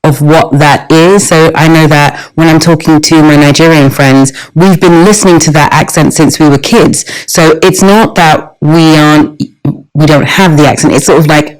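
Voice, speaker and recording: London woman chatting on a podcast, thoughtful relaxed tone, fairly low voice. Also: moderate pace, low-quality recording. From Stockwell, London, England. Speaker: guest, actor and singer. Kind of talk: casual interview chat.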